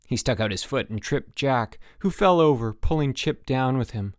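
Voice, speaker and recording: Male audiobook narrator; expressive storyteller, dry studio read. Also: mid-range voice, moderate pace, dry recording. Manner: lively storytelling. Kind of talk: scripted narration.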